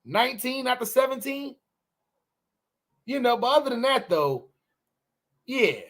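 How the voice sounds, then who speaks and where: A man with a bright, high voice co-hosts a relaxed morning podcast at a measured pace. He rants profanely and with lots of energy, sending his pitch swooping up and down as he plays out other people's quotes.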